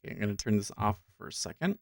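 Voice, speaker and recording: Man, livestream host, low voice, dry close mic, chatty, murmurs to himself. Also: sing-song, very fast, vocal fry, no echo. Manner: thinking aloud, murmuring to himself between remarks; chatty, talks directly to viewers. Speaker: livestream host and day trader. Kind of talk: casual live commentary.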